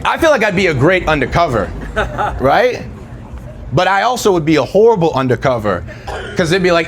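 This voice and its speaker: A young man from the East Coast of the US doing a stand-up set, telling stories with lots of swagger and jumping into squeaky voices for the people in them. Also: a little fast, pauses often, a little hiss or hum. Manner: animated storytelling, jumps into high squeaky voices for characters. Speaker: stand-up comedian.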